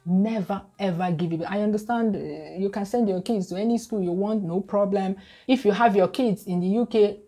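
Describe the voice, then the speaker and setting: A woman's voice: medium pitch, mellow. A woman from Nigeria with a Nigerian English accent, talking casually to camera as a YouTube host in an emphatic, lecturing way full of rhetorical questions.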